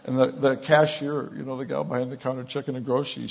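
A man preaching, telling miracle stories in an animated storytelling way that grows loud on quoted lines. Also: medium pitch, brisk, slight background noise. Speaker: pastor. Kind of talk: sermon storytelling. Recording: dull lo-fi sound.

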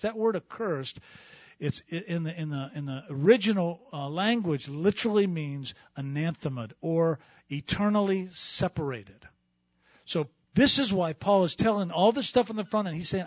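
A man's voice: fairly high pitch, normal speed, no echo, lo-fi sound. A middle-aged male pastor teaching a sermon in a conversational, self-deprecating way, often restarting his sentences.

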